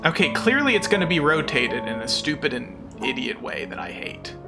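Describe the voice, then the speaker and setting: A male streamer chatting casually through a puzzle game, frustrated and mocking himself, and quick to swear. His voice sits a little high and has a gravelly texture. Game music plays clearly underneath. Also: sing-song. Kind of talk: casual live-stream gaming chat.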